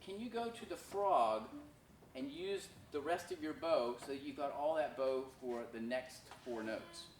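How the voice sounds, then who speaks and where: A man coaches a school orchestra, speaking frankly and teasing himself, and sometimes sings a phrase to demonstrate. His voice sits a little high. He was recorded from across a big echoing room, with a lot of background noise. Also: lively intonation, measured pace, vocal fry. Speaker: visiting violinist teaching a masterclass. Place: school rehearsal room, echoey. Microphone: recorded from afar by a room camera. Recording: echoey room, distant, noisy.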